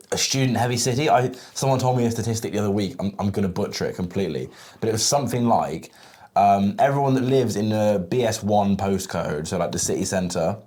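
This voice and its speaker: A man's voice: lowish voice, a little mellow. A young man hosting a podcast, bantering casually and swearing freely. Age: young adult. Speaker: podcast host. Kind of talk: casual chat.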